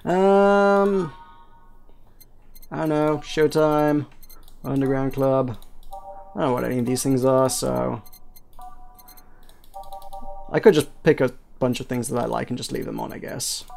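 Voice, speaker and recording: A man's voice: medium pitch, steady tone, a little slow, creaky, pauses often, a little mellow, slight background noise. A man giving casual, rambling let's play commentary, hesitating often and correcting himself as he goes.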